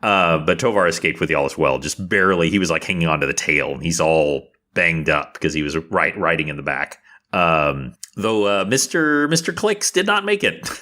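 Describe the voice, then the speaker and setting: A man's voice: low-pitched, expressive, moderate pace, sharp tone. A man narrating as game master of a tabletop game, casual and chatty with asides.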